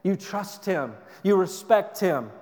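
A man with a notably high voice preaches in earnest, urging tones, often stumbling and restarting mid-phrase. His sermon rings out with a long hall reverb, as if from a church sanctuary. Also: expressive, slow pace, darkish tone. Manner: earnest, exhorting, with frequent restarts. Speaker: pastor.

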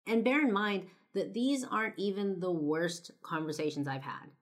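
A woman's voice: medium pitch, normal speed. A woman in her twenties telling a personal story in a casual, chatty way, with lots of fillers and some swearing. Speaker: podcast and video host.

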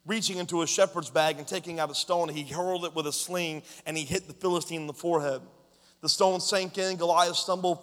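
A man preaches with a lively, conversational storytelling manner, slipping into slang as he speaks. His voice sits a bit high for a man. The sound rings with a long reverb from a large church hall. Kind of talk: sermon.

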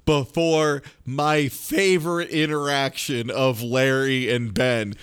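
A man's voice: mid-range voice, takes it slowly, clear, resonant tone. A man from Chicago co-hosting a podcast, chatting casually and animatedly as he recaps a show, swearing and acting out scenes. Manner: animated, swearing, acts out lines in jokey voices. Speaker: podcast co-host.

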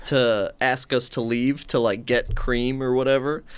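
A young man from Minnesota telling a story in a casual, profane, animated way, often laughing as he talks. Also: medium pitch, measured pace, smooth.

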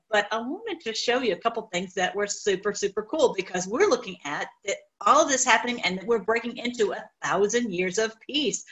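A woman's voice: mid-range voice, fairly bright tone, poor audio. A woman hosting an online commentary show, chatting casually and laughing often as she talks.

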